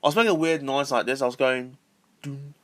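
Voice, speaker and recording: A man's voice: mid-range voice, fast talker. A man ranting casually to camera, repetitive and swearing freely. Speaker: vlogger.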